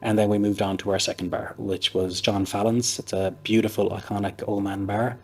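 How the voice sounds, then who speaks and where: Fast-talking husky Irish man. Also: lowish voice, flat delivery. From Ireland. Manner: chatty, anecdotal, rambling with fillers. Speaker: pub owner, interview guest. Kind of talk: casual interview storytelling.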